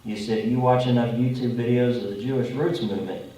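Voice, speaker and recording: A man preaching a conversational sermon to a congregation, often checking in with a quick "okay?". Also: mid-range voice, fairly even intonation, mellow, a little hiss or hum. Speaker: pastor. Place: congregation meeting room. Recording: echoey room, from far off.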